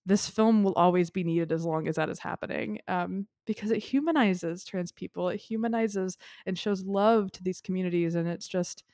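Her lowish, darkish voice moves at normal speed with hardly any pauses. As a podcast co-host, she's tearful and sniffling, rambling earnestly about a favorite film. There's no room sound, just clean studio audio.

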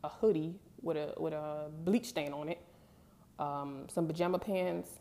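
The young woman has a deep, mellow voice with fairly even intonation and talks a little slowly. As a vlogger, she tells her viewers a personal story casually on camera, openly and emphatically.

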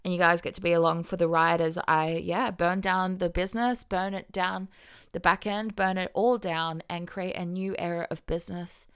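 A woman with a lowish, level, fairly bright and smooth voice speaks at normal speed. She's a podcast host and business coach delivering a casual, emphatic solo monologue to listeners, swearing freely and acting out inner voices as quotes.

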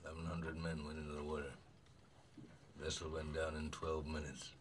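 A grizzled old seaman's voice, extremely deep and flat, telling a haunted tale in a slow, grim drawl. The sound comes from a film clip, heard from a distance with a faint ambient hush behind it. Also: slight background noise. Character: grizzled old male sea captain, haunted shark hunter.

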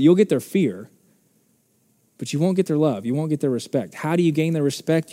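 A man's voice: on the high side, dark tone, big-room sound. A man preaching a sermon as pastor, impassioned and building to fervent peaks. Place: church sanctuary.

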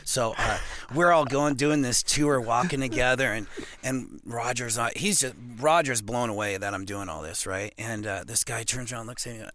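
A man from Montana, a professional arm wrestler, telling a long casual story as a podcast guest, rambling and animated with lots of "you know what I mean". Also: mid-range voice, moderate pace. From Montana, USA.

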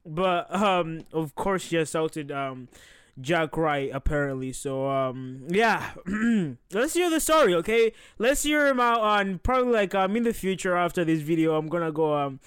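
A man's voice: a little high, measured pace, a bit bright, clean tone, no room sound, studio quality. A man hosting a podcast, reacting casually to a video, laughing often and swearing, torn between amusement and unease.

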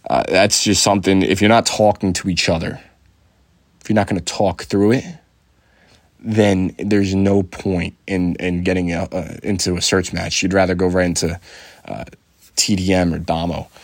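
A man's voice: low voice, little pitch movement, moderate pace, creaky, no room sound. A young man hosting a podcast in loose, rambling casual chat, swearing freely and filling his talk with "uh" and "you know" and restarts. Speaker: podcast host.

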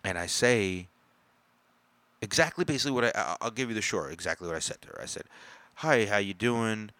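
A man telling a story in an angry, profane rant, getting loud and exasperated as he complains. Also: lowish voice, animated, fast, no echo.

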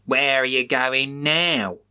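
A man voicing a guarded male shop worker who speaks slowly. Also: medium pitch, bright, forceful tone, smooth.

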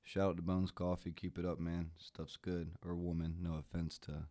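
A man's voice: low voice, little pitch movement, moderate pace, warm tone, dry recording, studio quality. A man hosting a podcast, chatting casually in a groggy morning voice and rambling with lots of fillers and restarts. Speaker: podcast host.

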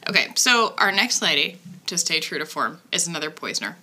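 A woman's voice: fairly low pitch, sing-song, brisk, sharp tone, a little hiss or hum. A woman from Ireland co-hosting a podcast, telling a true crime story in a chatty, wry way with lots of fillers. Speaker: podcast co-host.

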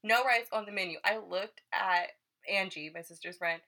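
A young woman telling a story in casual chat, animated and laughing often, acting out her own thoughts. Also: mid-range voice, normal speed.

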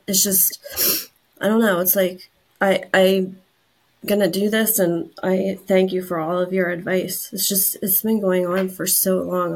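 A woman on a podcast speaking haltingly and emotionally in casual chat, often breaking off and restarting. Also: medium pitch, creaky, a little mellow.

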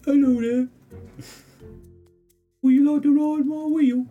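A man's voice: very high voice, fairly even intonation, takes it slowly, narrow, tinny audio, soft background music, voice pushed up. A man voicing a giant, chatty hamster who runs a carnival wheel, in a nosy, sing-song manner. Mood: cheery.

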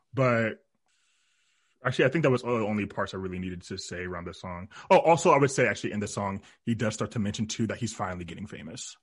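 A young man with a fairly low voice talks casually on a podcast and wanders off mid-sentence to search for a line. The sound is dry and close, with no room around it. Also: a bit bright, no room sound. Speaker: podcast co-host. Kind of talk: casual music discussion.

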